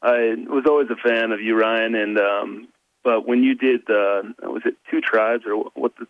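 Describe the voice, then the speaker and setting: A man calling in to a casual chat show, talking in a halting way with many fillers and restarts, over a dull lo-fi line. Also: on the low side, steady tone, dry recording. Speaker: caller.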